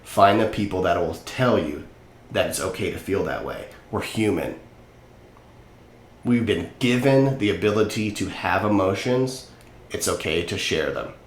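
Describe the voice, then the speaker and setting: A man's voice: expressive, unhurried. A man hosting a podcast, talking earnestly and candidly about emotions, now and then swearing casually. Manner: candid and earnest, swears casually, rises high when impassioned. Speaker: podcast host. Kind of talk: casual solo talk on mental wellness. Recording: echoey room with faint background noise.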